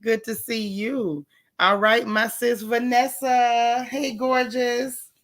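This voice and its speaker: A woman hosting a late-night gossip livestream, chatting casually and greeting viewers by name in a hushed voice. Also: level tone, slow. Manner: hushed, talking low like whispering. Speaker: gossip channel host.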